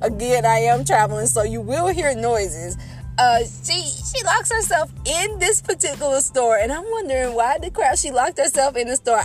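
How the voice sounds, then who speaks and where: A young woman talking from her car to her listeners, excitable and exasperated, breaking into laughter often. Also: sits high. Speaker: podcast host. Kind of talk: casual storytelling to listeners. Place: in her car, parked and driving. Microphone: phone.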